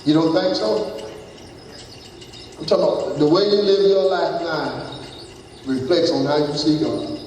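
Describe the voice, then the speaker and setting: Male pastor, high-pitched, preaching to a congregation; roomy reverberant hall, distant mic. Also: a little slow, pauses often, a little hiss or hum. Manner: preaching with questions to the congregation, shifting from shouts to low asides. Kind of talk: sermon. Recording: echoey hall, taped from far off.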